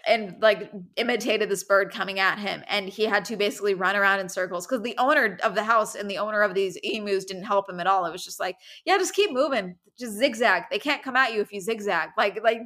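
A woman's voice: mid-range voice, fairly bright tone. A young woman from Southern California hosting a podcast, telling stories in a casual, rambling way and swearing freely. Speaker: podcast host. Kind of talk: casual storytelling chat.

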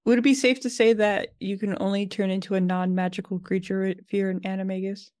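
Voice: mid-range voice, level tone, fairly quick, darkish tone. A podcast co-host chatting casually, mostly giving brief reactions and asking curious questions. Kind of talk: casual chat.

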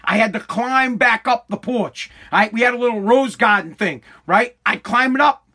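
Middle-aged man, very high bright voice, swears nonstop, animated rant about the old days. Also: moderate pace. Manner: swears constantly, animated, self-interrupting. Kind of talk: casual profane storytelling rant.

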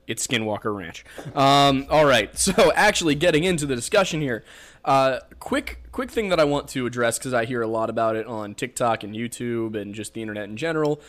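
A man's voice: mid-range voice, expressive, fairly quick, fairly bright tone. A young man with a Pennsylvania accent, hosting a podcast and explaining folklore in a rambling, joking way full of fillers. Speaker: podcast host. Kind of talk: casual chat.

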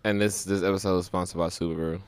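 A young man with a smooth, resonant, fairly low voice, trading loose, slangy banter on a podcast. He keeps it animated and laughs often, slipping into quick impressions of other people. The sound is close and dry, with no room echo. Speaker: podcast co-host. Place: home studio.

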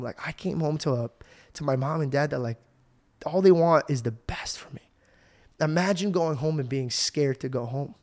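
A young adult man hosting a podcast, telling stories in a casual, animated way, swearing and saying "bro" a lot. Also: medium pitch. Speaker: podcast host.

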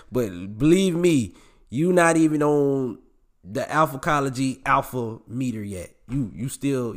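A man hosting a podcast, delivering a blunt, preachy monologue straight to his male listeners and swearing freely as he goes. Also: medium pitch. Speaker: podcast host.

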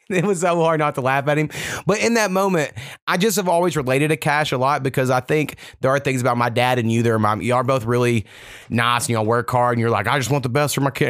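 A man's voice: medium pitch, fairly even intonation, fast talker, a bit bright, dry recording, studio quality. A man hosting a podcast in casual chat, telling stories in a laid-back, profane way. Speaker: podcast host.

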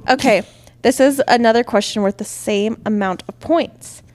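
A woman's voice: fairly high pitch, moderate pace, darkish tone. A young woman co-hosting a podcast, reading trivia questions and teasing her co-host in casual chat. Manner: playful, teasing quizmaster.

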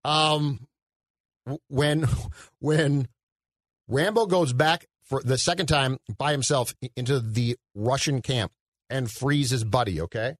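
A man's voice: mid-range voice, takes it slowly, no echo. A man co-hosting a podcast, picking apart a movie sarcastically with frequent stammered restarts. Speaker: podcast co-host. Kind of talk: casual movie review chat.

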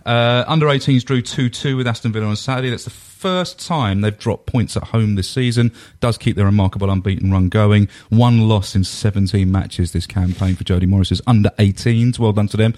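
An English man on a football podcast, briskly running through match results in casual chat. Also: on the low side, darkish tone, dry recording, clean studio sound. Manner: brisk, reads results in a rundown. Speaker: podcast pundit.

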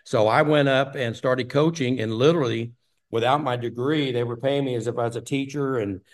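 An older Texan guest in a casual interview tells long, rambling stories full of fillers, speaking a little fast in a mid-range voice.

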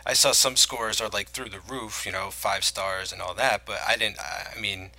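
A man's voice: lowish voice, steady tone, moderate pace, pushed and bright, rough recording. A man co-hosting a podcast, chatting casually about films and his own memories, rambling with lots of fillers and restarts. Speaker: podcast co-host. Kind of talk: casual film chat.

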